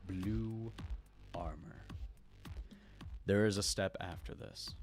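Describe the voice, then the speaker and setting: A man's voice: low voice, fairly even intonation, slow pace. A man chatting casually while painting miniatures on a live stream, answering chat and joking at himself. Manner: chatty, self-mocking, answers chat questions. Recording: music playing behind.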